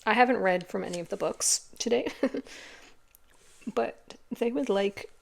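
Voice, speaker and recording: A woman giving a casual, earnest tarot reading, rambling warmly with many fillers and growing teary as she talks. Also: mid-range voice, takes it slowly, vocal fry. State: tearful at times. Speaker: tarot reader.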